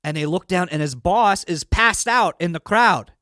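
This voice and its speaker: A man co-hosting a podcast, telling a long joke in an animated, playful way. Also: sits high, moderate pace, dry recording, clean studio sound. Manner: animated storyteller who acts out the characters. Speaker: podcast co-host. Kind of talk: casual chat and joke telling.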